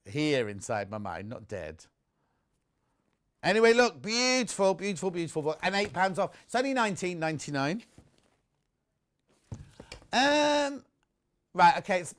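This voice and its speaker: Chatty, excitable man presenting. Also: on the high side, moderate pace, long pauses. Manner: chatty, excitable, jumps between asides. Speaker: shopping channel presenter. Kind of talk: live TV sales chat. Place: TV studio.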